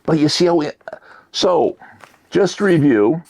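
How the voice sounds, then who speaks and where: A man giving a motivational talk, shifting between loud emphasis and near-whispered asides. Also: on the high side, expressive, measured pace. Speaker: motivational speaker.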